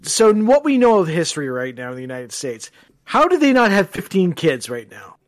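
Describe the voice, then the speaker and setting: High-voiced wisecracking podcast man. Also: huge pitch swings, moderate pace, slight background noise. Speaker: podcast co-host. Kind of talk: casual chat.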